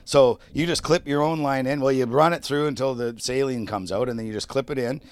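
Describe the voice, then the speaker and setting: A man's voice: medium pitch, a little fast, a little mellow, no echo, clean studio sound. A man telling a long personal story on a podcast in casual, profane chat, laughing often. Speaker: podcast co-host.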